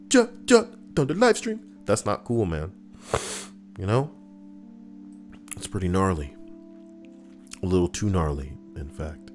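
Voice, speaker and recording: A man streaming live, chatting casually and joking with viewers, rambling and swearing. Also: mid-range voice. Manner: rambling, jokey, swears freely.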